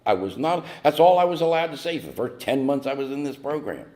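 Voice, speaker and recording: A man's voice: medium pitch, sing-song, quick pace, warm tone, a little hiss or hum. A man from North Carolina sharing a humorous personal story at a recovery meeting with wry, mock-indignant timing. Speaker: speaker at AA meeting.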